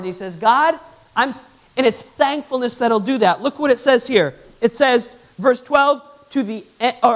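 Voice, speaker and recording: A man preaching a sermon to his church, swinging from loud, excited bursts to hushed, earnest appeals. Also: sits high. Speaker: pastor.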